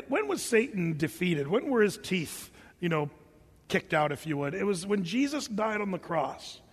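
A man's voice: sits high, a bit bright, long reverb tail. An older man preaching a sermon, telling stories with humor and sound effects. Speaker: pastor.

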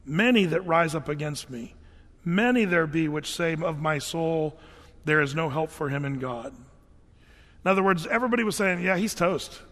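A man's voice: high-pitched, a bit bright, big-room sound. A middle-aged man preaching a sermon in a conversational way, with casual fillers and restarts. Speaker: pastor.

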